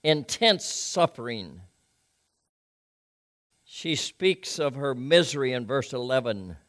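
A preacher delivering a sermon, reading scripture and making conversational, folksy asides to the congregation. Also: male voice, medium pitch, animated, slow pace, a bit bright.

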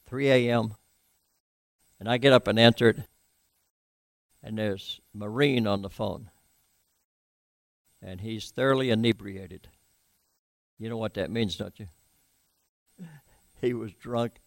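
A male pastor giving a sermon in a conversational way, asking his listeners questions and letting his voice drop low and soft at times. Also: takes it slowly, creaky, pauses often, no room sound, clean studio sound.

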